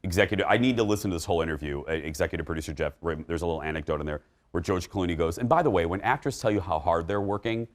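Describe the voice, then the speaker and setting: A man hosting an entertainment talk show, chatting casually with an animated, joking and emphatic manner. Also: low voice, very fast, hardly any pauses.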